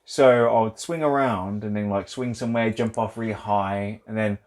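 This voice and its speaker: A young man co-hosting a casual film podcast, talking loosely and excitedly with lots of "like", swearing and laughing. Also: lowish voice, moderate pace. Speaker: podcast co-host.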